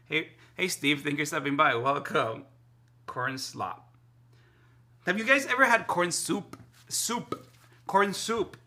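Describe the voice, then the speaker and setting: A man chatting casually to his stream while cooking in his kitchen, excitable and rambling, often repeating himself. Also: fairly high pitch. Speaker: live streamer. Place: home kitchen.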